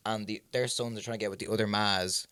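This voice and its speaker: A man's voice: fairly low pitch, fairly even intonation, fast talker, pushed and bright, clean tone, no echo. A young man co-hosting a podcast, bantering and laughing loosely as he trades jokes. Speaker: podcast co-host. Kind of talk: casual chat. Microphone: podcast microphone.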